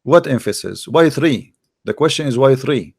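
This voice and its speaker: A man hosting a debate, pressing with rapid repeated questions. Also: mid-range voice, lively intonation, creaky, a little mellow, slightly rough. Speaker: debate host. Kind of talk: live call-in debate.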